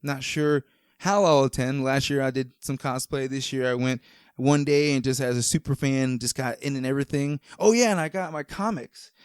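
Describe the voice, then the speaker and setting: Smooth, dry-sounding podcast host, a man. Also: mid-range voice, dry recording. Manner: rambling, enthusiastic, frequent fillers and restarts. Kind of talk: casual chat.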